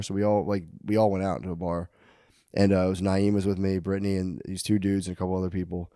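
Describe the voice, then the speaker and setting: Comedy podcast host, man, lowish pitch, dry studio sound, loose profane storyteller. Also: steady tone, fast talker, a little mellow, clear, resonant tone, no room sound. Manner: loose storytelling, frequent swearing and laughing. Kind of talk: casual comedy podcast chat.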